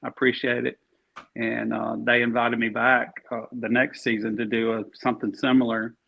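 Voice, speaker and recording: In a dull lo-fi recording, a gravelly medium-pitched man from Alabama speaks with a completely flat delivery at a moderate pace. He's an actor guest in a casual interview, chatting easily and rambling with frequent fillers and restarts.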